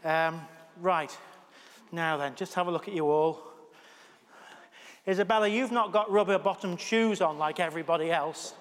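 A man's voice: fairly high pitch, normal speed, long pauses, long reverb tail. A man leading an all-age church talk as pastor, joking with his helpers and cheering them on through a live demonstration. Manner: jokey, energetic, cheering people on. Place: church hall.

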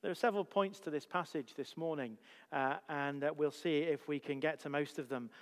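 A man's voice: on the high side, fairly even intonation, fairly quick, smooth, big-room sound. A man preaching a sermon as pastor, emphatic and full of rhetorical questions.

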